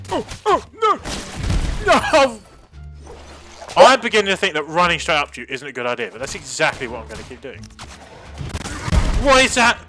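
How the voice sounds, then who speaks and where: A man hosting his gaming channel, bantering casually and yelping and laughing a lot over the gameplay. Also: sits high. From United Kingdom. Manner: excitable, yelps and laughs a lot.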